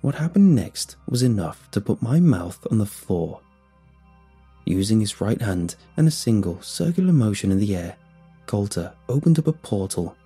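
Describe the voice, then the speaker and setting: A man's voice: lowish voice, very animated, normal speed, dark tone, husky, soft background music. A man reading a first-person horror story aloud in a dramatic, suspenseful way.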